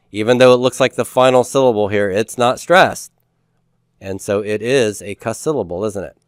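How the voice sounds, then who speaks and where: Man teacher going over homework, smooth clear voice, dry close sound, asks then answers himself. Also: lowish voice, dry recording. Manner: patient, asks questions and answers them himself. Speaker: Hebrew teacher. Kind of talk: homework review lesson.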